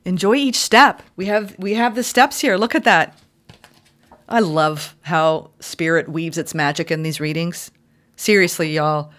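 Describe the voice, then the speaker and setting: A woman giving an intuitive tarot reading, heartfelt and effusive, sometimes reading card meanings aloud in a gentle, spiritual manner. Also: on the low side, unhurried. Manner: emotional and effusive. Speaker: tarot reader.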